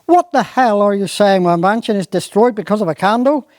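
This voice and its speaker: A performer doing a blustering, outraged posh squire. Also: male voice, sits high, fairly quick, darkish tone, no room sound, studio quality, natural voice. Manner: blustering, increasingly outraged questions. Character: posh, hot-tempered upper-class country squire.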